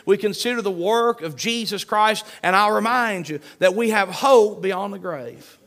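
A man pastor preaching a sermon with an emphatic, repetitive cadence, reading scripture aloud. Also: high-pitched.

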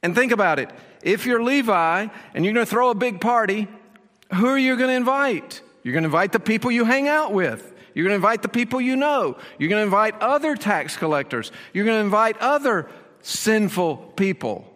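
A man's voice: high-pitched, animated, a little fast, fairly bright tone, in a large hall. A man preaching a sermon as pastor, explaining the passage with rhetorical questions and repeated phrases.

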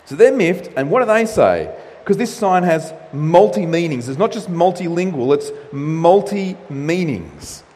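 A man preaching a sermon as pastor, lively and animated, acting out the quotes he reads. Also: on the high side, a little slow, big-room sound.

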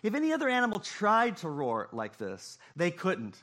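A man preaching a sermon, swinging between loud emphasis and hushed, quiet phrases. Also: high-pitched, wildly swooping pitch, normal speed. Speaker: pastor.

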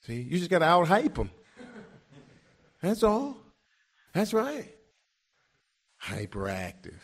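Emphatic preacher with a higher voice. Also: male voice, wildly swooping pitch, takes it slowly. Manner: emphatic, repeats words while building a point. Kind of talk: sermon.

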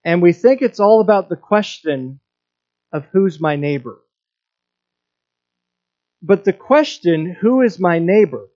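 A man's voice: high-pitched, animated, a little slow, long pauses, a little mellow, muffled recording. A man preaching a sermon, earnest, often repeating words and restarting his phrases. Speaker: pastor.

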